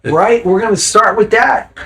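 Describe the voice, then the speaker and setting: On a podcast, a guest in a loose, unscripted chat sounds tipsy from drinking, his somewhat high voice a bit bright on a low-quality recording. He talks slowly and emphatically, rambling through points and swearing casually.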